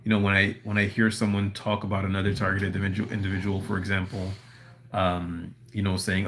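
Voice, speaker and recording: At home with a dog nearby, a man hosts a casual livestream, reading and answering his chat in a rambling, earnest monologue full of "you know". His voice sits low, monotone and fairly quick, with a fairly bright tone.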